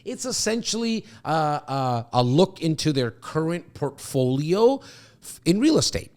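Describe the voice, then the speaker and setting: Animated man hosting a podcast. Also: a little high, unhurried. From Canada. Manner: animated, talks in loose restarts. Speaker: podcast host and real estate agent. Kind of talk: casual podcast answer.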